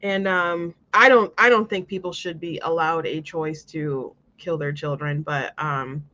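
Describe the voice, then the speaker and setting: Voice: mid-range voice, steady tone, measured pace, pushed and bright, lo-fi sound. A show host talking casually in an earnest, rambling way, with many restarts. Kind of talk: casual commentary monologue.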